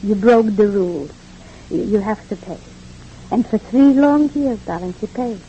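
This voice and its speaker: This old, dull radio recording carries a little hiss or hum and an actress voicing the family's mother, a chatty and kindly immigrant, in 1940s radio acting. Her mid-range voice is mellow and expressive, measured in pace and close to ordinary speech. She stammers with repeats while rambling and philosophizing.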